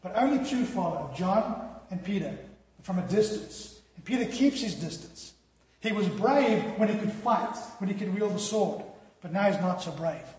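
A man's voice: high voice, darkish tone. A man preaching a sermon in a storytelling way, with dramatic drops in volume. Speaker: pastor. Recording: echoey hall reverb.

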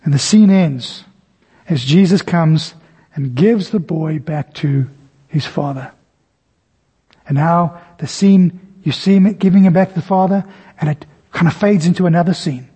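A man's voice: measured pace, warm tone, slightly rough. A man preaching a sermon, telling the scene as a story and acting out the voices in it. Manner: storytelling, acts out scenes with varied pitch. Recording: long hall reverb.

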